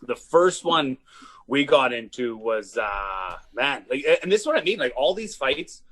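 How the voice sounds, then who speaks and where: A man who is a comedian guest telling rowdy stories in casual chat, animated and swearing, often laughing. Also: medium pitch, a little slow, slightly rough. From Canada. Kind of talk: casual storytelling.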